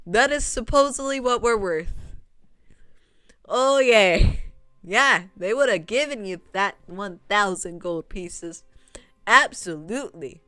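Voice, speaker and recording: A woman's voice: medium pitch, animated, takes it slowly, bright, forceful tone, no echo, clean studio sound. A woman streaming a visual novel, talking casually and sarcastically at the characters, laughing in disbelief. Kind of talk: casual gameplay commentary.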